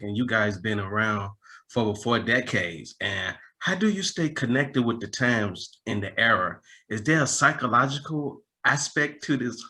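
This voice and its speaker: A man's voice: mid-range voice, sharp tone. A man co-hosting an interview podcast, asking the guests questions with enthusiasm. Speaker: podcast co-host.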